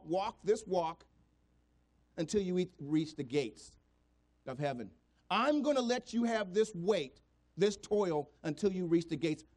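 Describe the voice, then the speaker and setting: A man preaching a sermon, swinging between hushed, low passages and raised, emphatic ones, voicing scripture and imagined doubters as he goes. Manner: voices scripture and imagined doubters in quoted speech. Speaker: pastor.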